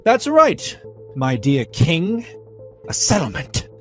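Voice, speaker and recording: Banshee Queen: a man putting on a high, haughty queen. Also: huge pitch swings, slow, fairly bright tone, soft background music, heavily acted. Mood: imperious. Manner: grand, mocking formal declarations. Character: haughty female banshee queen, regal and scheming.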